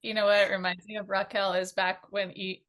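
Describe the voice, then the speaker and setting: A woman's voice: mid-range voice, a little fast. Chatty woman co-hosting a panel. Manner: animated, chatty, with fillers and giggles. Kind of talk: conversational panel talk.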